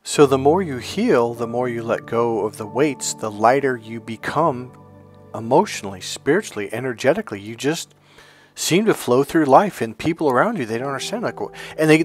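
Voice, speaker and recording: Male self-help speaker, mid-pitched, lively storyteller, faint music under him. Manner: animated and conversational, acts out quotes. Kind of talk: motivational talk with personal stories.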